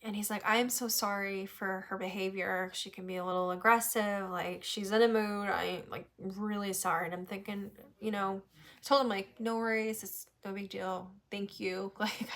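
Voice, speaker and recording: A woman from New Hampshire hosts a casual chat and tells a story with lots of swearing and laughter. Her voice sits at an ordinary middle pitch and swings up sharply when she gets worked up. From New Hampshire, USA. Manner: animated, swearing, laughs often. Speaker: podcast host.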